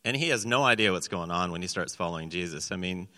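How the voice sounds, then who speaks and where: A pastor preaches a sermon with scripture reading in a lowish but bright, forceful voice, animated and fast. He tells the story with animation and slips into the voices of its characters. A long reverb carries his words through a large church hall.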